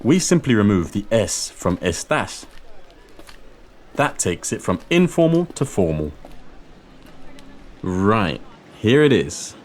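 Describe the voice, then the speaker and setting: A man's voice: fairly low pitch, big pitch swings, slow, long pauses. A man hosting a scripted language lesson, theatrical and careful with pronunciation drills. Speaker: language podcast host. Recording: faint music under the voice.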